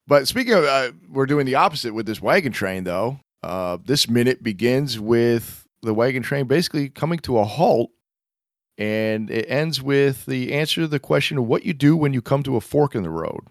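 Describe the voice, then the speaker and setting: A man of average pitch co-hosting a podcast, chatting loosely and laughing at his own jokes. He reads screenplay passages aloud between quips. The sound is dry and close to the mic. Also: expressive, normal speed, no echo. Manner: chuckling, self-deprecating, reads script aloud. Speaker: podcast co-host. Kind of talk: casual chat about a film.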